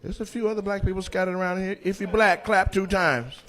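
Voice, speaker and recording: A man doing stand-up crowd work in a comedy club, teasing audience members with loud banter and putting on their voices. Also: high-pitched, steady tone, fairly quick, a little hiss or hum. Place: comedy club stage before a live audience. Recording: faint crowd ambience, audience laughter.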